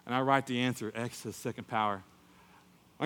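Man preaching, middle-aged, bright forceful voice, slightly high, long hall echo. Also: very fast. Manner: animated storytelling, acts out voices. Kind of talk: sermon with personal story.

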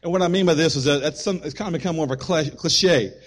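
Animated man preaching a sermon. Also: a little high, fast talker. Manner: animated preaching, rising and dropping in loudness, quips to the congregation. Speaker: pastor.

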